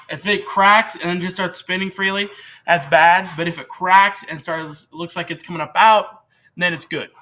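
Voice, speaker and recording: A man's voice: sits high, sharp tone. A teenage boy hosting a casual how-to, rambling and chatty as he works at a home workbench, often correcting himself. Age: teens. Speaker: channel host demonstrating repair.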